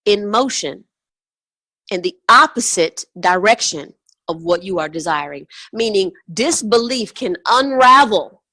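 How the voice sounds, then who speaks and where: A woman's voice: medium pitch, fairly bright tone, no room sound. A woman teaching as a money mindset coach on a call, emphatic and fond of repeating words for stress. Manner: emphatic, repetitive, chant-like stresses.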